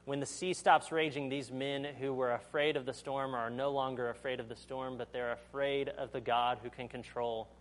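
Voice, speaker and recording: A man's voice: mid-range voice, fairly even intonation, moderate pace, hardly any pauses. A man preaching a sermon, reading scripture aloud and then explaining it in a conversational way, asking the audience questions and acting out the quotes. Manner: acts out quotes in voices.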